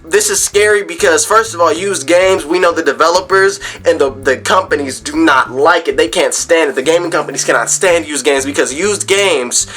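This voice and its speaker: A man's voice: a little high, normal speed, few pauses, fairly bright tone. A man vlogging about gaming and tech in a casual rant to camera at home, rambling with frequent restarts and repeated words.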